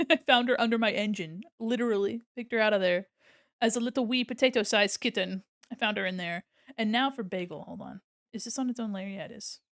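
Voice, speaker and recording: A woman's voice: mid-range voice, brisk, a bit bright, dry recording, studio quality. A young adult woman streaming casually while she draws, rambling and giggling often and swearing freely.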